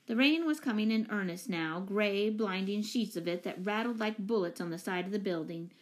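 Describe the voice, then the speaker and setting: Woman narrator, audiobook, steady expressive storytelling, middle pitch. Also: moderate pace, hardly any pauses.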